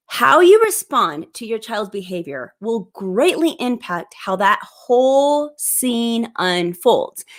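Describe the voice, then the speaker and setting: A woman in her thirties hosting a live parenting advice show, explaining tips in a clear, upbeat way into a plug-in microphone. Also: on the high side, a bit bright.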